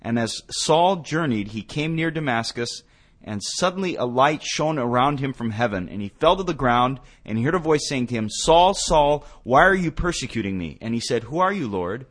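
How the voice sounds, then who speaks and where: A man's voice: mid-range voice, animated, moderate pace. Emphatic man in a theology talk show. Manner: emphatic, rising to forceful peaks. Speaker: radio show co-host. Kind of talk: theological radio discussion.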